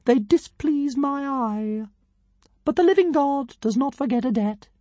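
A woman voicing a tiny, arrogant male dragon who thinks he is a god, with a squeaky, grand and scornful voice. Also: lively intonation, measured pace, dark tone, dry recording. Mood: pompous. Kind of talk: audiobook character voice.

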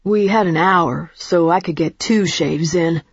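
A woman reading the lines of a sullen, touchy male club dancer of thirty, with a husky, low voice and curt delivery. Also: a little slow, no echo, dull audio.

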